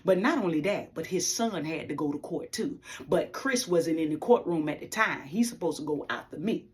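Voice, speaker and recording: A woman telling her faith testimony to viewers in a preacher-like way, stressing her points and speaking to the audience as y'all. She often drops to a hushed, near-whispered delivery. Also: deep voice, lively intonation, normal speed.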